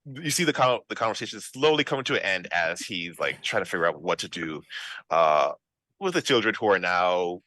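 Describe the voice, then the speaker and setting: A lower-pitched man with a bright, forceful tone runs a tabletop game as game master. His talk is relaxed and chatty, full of "um" and "like". The sound is dry and close, with no room echo. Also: a little fast. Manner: relaxed, conversational narration with fillers.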